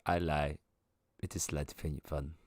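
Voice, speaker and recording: A man voicing an aloof, dry-witted woman who speaks in a measured, deadpan, quiet way in a tabletop game. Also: extremely low pitch, dry recording, voice pushed down.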